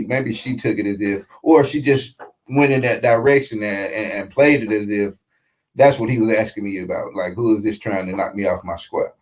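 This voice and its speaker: A man hosting a casual reaction commentary show, talking in an animated, slangy way with frequent asides. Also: medium pitch, rough recording. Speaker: show host reacting to a clip.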